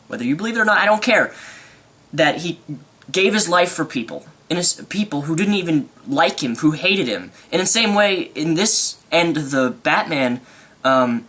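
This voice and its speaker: A young man rambling excitedly through an unscripted movie review vlog. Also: a little high.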